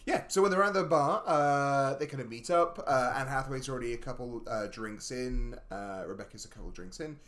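A man's voice: mid-range voice, fairly quick, few pauses, a bit bright. A man co-hosting a podcast, recapping a film plot in casual chat with wry jokes. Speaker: podcast co-host.

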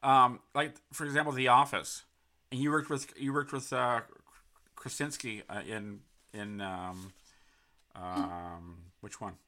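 A man's voice: mid-range voice, fairly even intonation, slow, sharp tone. A male podcast host in a casual interview, rambling and chatty with lots of fillers.

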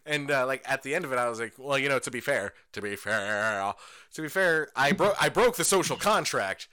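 This is a young adult man telling rambling stories on a casual podcast. His pitch swings widely and his tone is bright and forceful, and he laces everything with swearing and laughter. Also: quick pace. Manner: animated storyteller, swearing, laughing, acting out voices. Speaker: podcast co-host. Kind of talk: casual chat.

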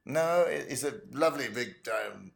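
A male voice actor as a podcast guest, chatting casually and telling stories with animated delivery. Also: medium pitch, normal speed, creaky. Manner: animated storyteller, acting out quotes.

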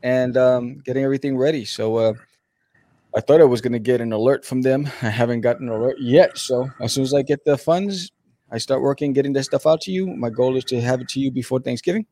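A man's voice: mid-range voice, fast, dark tone. A man co-hosting a casual chat, laid-back with slang and lots of fillers. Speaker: podcast co-host, comic artist.

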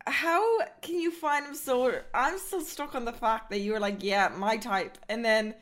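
A woman's voice: sits high, normal speed, a bit bright. A woman co-host in casual chat, asking teasing, incredulous questions.

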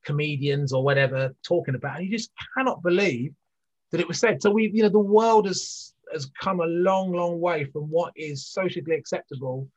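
A man with a husky, slightly rough voice talks through a point as an interview guest. He circles back, restarts and fills gaps with "you know". The audio is dull and muffled. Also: on the high side, fairly quick. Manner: rambling, many restarts and fillers. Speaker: guest, business leader. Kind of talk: conversational interview.

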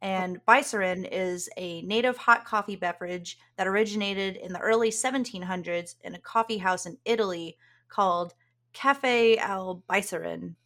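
A woman's voice: medium pitch, normal speed, fairly bright tone. A woman co-hosting a podcast, explaining things in casual chat and laughing often. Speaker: podcast co-host.

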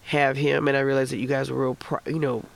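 A man's voice: mid-range voice, level tone, quick pace, gravelly. A man casually telling a candid, profane personal story about grief, acting out the voices of the people in it. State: emotional, recalling grief. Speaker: guest sharing a personal story. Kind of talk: casual conversation.

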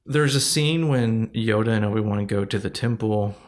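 A man's voice: fairly low pitch, moderate pace. Man recapping a plot casually. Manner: recaps plot, laughs easily. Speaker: podcast co-host. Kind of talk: casual chat.

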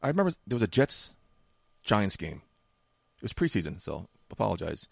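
A man hosting a casual chat, quick, offhand and joking. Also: lowish voice, sing-song, vocal fry, no echo. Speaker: podcast host.

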